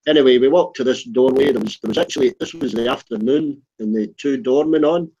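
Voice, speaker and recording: A man's voice: mid-range voice, brisk, vocal fry, dark tone. A man telling a funny pub story in casual chat, rambling and acting out the quotes. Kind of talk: casual chat, comic anecdote. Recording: dull lo-fi recording.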